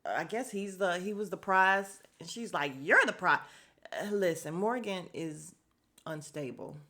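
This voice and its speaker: A woman's voice: fairly low pitch, measured pace, fairly bright tone. A woman hosting a casual podcast, recapping a reality show bluntly and swearing freely. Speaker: podcast host.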